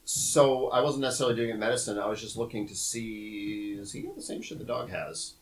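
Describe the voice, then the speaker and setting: A man's voice: lowish voice, brisk, poor audio. A man playing a tabletop game, talking in a casual, offhand way. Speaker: player.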